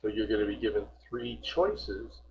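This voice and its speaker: A man's voice: lowish voice, animated, moderate pace, creaky, highs cut off. A man teaching an online group English class, patiently repeating words to correct pronunciation. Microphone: video call.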